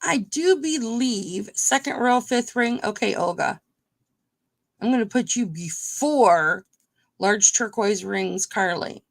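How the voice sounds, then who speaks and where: A woman's voice: mid-range voice, animated, slow pace, gravelly. A woman hosting a live-streamed jewelry auction, chatting casually with viewers by name as she shows and sells pieces.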